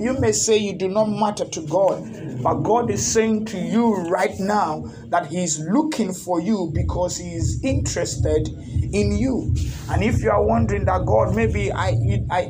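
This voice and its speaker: A man preaching a sermon in an earnest, pleading way, repeating his points. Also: high voice.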